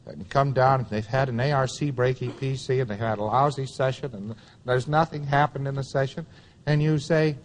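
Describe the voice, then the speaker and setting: A man's voice: medium pitch, steady tone, brisk, in a large hall, slight background noise. A man giving a taped lecture to students, emphatic and wry, repeating key phrases for weight.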